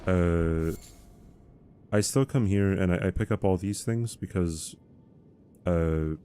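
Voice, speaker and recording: A man's voice: low voice, slow pace, mellow, clean tone. A man streaming a game live, chatting casually and answering chat questions in a rambling, easygoing way.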